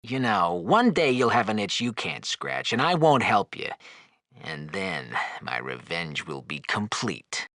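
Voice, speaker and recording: A gravelly, mocking floating skull. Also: male voice, fairly low pitch, sing-song, measured pace, fairly bright tone, no room sound, studio quality, exaggerated voice. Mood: wisecracking. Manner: teasing, flirtatious, sarcastic banter. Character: wisecracking, leering floating male skull. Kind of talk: video game dialogue.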